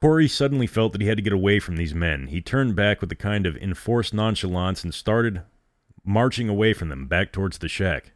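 A man reading a short story aloud in a steady, dramatic narration. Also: fairly low pitch, fairly quick, dry recording, studio quality.

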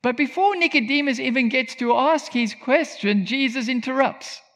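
A man's voice: very high voice, normal speed, a bit bright. A man preaching a sermon in an earnest, emphatic teaching tone. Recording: long reverb of a large hall.

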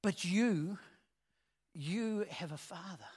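A man preaching a sermon in a conversational way that swells into loud emphasis. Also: high voice, takes it slowly, slightly rough. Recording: long hall reverb.

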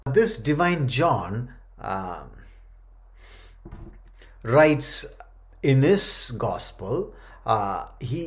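A man's voice: on the low side, animated, unhurried. A man preaching a sermon as pastor, reading scripture aloud and stressing key phrases with earnest emphasis. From India.

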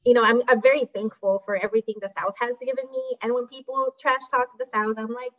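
A woman's voice: a little high, normal speed, hardly any pauses, a bit bright. A woman from Mexico, a teacher and podcast guest, chatting casually with many filler words. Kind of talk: casual conversational storytelling. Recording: muffled distant remote audio.

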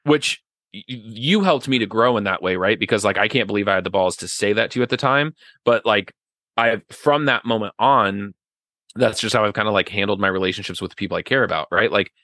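A man's voice: lowish voice, brisk, sharp tone, no echo. A man in a casual podcast chat, talking earnestly and at length, full of "like" and "right?". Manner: earnest, rambling, many "like" and "right?".

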